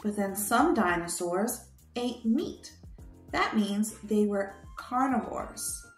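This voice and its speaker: Woman, children's show host, very slow, bouncy sing-song, roomy sound, faint music behind. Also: mid-range voice, lively intonation. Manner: sing-song, coaxing children to repeat words. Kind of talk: teaching toddlers.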